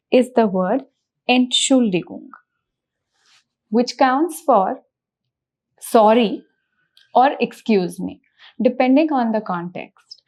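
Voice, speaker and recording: A woman with a fairly high, slightly mellow voice gives a slow spoken language lesson. She patiently repeats words and splits them into syllables.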